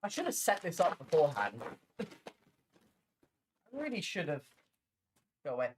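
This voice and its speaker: Loud, giggly woman livestreaming. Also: sits low, huge pitch swings, moderate pace, slight background noise. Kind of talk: casual livestream chat. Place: home, building on the floor.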